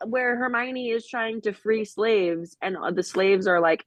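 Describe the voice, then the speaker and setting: Blunt, animated podcast co-host. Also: medium pitch, no room sound, dull audio. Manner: animated, blunt, rapid storytelling with quoted asides. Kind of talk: casual podcast chat.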